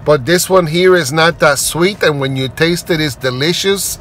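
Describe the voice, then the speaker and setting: Excitable high-voiced man reviewing food. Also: normal speed, a little hiss or hum. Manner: excitable and playful, punning, bursts of high-pitched exclamation. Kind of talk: casual food review vlog.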